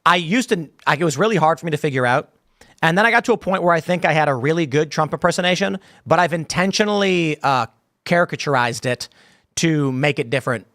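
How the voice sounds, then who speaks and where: Hosting a live stream, a man reads out chat comments and riffs on them in rambling casual commentary, packed with fillers and repeated starts. His voice is on the high side, fast and fairly bright, recorded cleanly in a studio with no echo.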